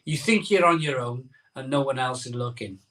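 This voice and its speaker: Chatty man, bright voice, set back from mic. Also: mid-range voice, normal speed, recorded from a distance. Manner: chatty, rambling, repeats phrases. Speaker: host of a live beer-drinking show. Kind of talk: casual live-stream chat and storytelling.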